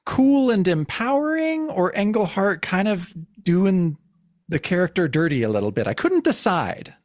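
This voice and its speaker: Brief: lively male podcast co-host. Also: high voice, moderate pace, dry recording, studio quality. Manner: animated, laughs often, recaps the comic. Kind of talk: casual chat.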